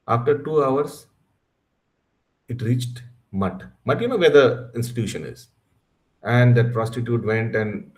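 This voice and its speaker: A man's voice: on the low side, a little mellow. A man telling a devotional story in a class, acting out the quoted dialogue with animation. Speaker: class speaker.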